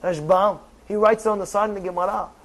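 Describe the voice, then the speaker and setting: High-voiced rabbi preaching with fire. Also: male voice, quick pace, poor audio. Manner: animated, emphatic, repeats phrases. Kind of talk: sermon.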